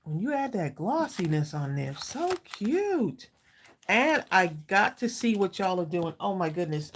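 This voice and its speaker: A woman's voice: medium pitch, big pitch swings, measured pace, a little hiss or hum. A woman hosting a live crafting stream, chatting casually with viewers, greeting them by name and saying "y'all" a lot. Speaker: craft livestream host.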